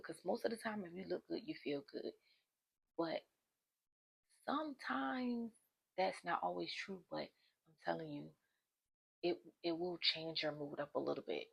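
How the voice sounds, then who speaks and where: A woman's voice: deep voice, creaky, slightly rough. A young woman vlogger talking straight to her viewers, giving casual self-help advice in a chatty, informal way.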